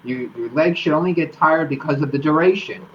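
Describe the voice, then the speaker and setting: A man's voice: fairly high pitch, fairly quick, lo-fi sound, a little hiss or hum. A man hosting a live-streamed talk about running, explaining workouts in a coaching tone. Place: home studio.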